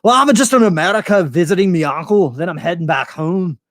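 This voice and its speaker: A chatty fake Scotsman with a thick, sing-song put-on Scottish brogue, the voice pushed noticeably higher than a man's usual speech, as a man hams it up. He rolls cheerfully through profane small talk in a dry, close recording. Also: a little fast, fairly bright tone, no room sound. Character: fake Scotsman, jolly young man on a plane.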